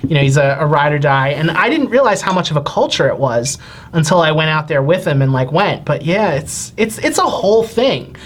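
Lively low-voiced woman with a New Jersey accent. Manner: quick reactions, hesitant restarts. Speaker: podcast co-host. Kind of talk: casual chat.

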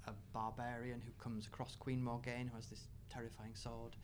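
A man speaking as an author on a live panel discussion, enthusiastic, with quick asides and laughter. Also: mid-range voice, monotone, a little hiss or hum.

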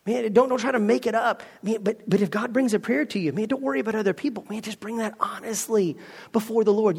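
A male pastor preaching in a casual, lively manner, speaking right to his listeners. His voice sits high for a man and carries a long echo through a large hall. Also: husky. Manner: conversational, lively, addresses listeners directly. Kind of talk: sermon.

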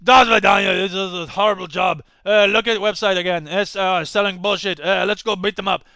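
A man putting on a gruff Russian cop. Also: high-pitched, steady tone, a little fast, bright, forceful tone, dry recording. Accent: put-on Russian.

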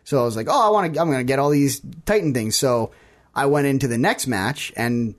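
Laughing, relaxed podcast co-host man. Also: mid-range voice, a little fast. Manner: laughs often, relaxed and joking. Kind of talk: casual chat.

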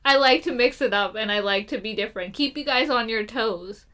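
A woman's voice: a little high, a little fast, pushed and bright. A young woman co-hosting a podcast in casual chat, rambling with lots of fillers and laughing often. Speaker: podcast co-host.

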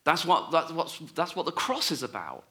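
A man preaching a sermon, telling a story and acting out the voices in it, often dropping to a hush. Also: fairly high pitch, sing-song, moderate pace.

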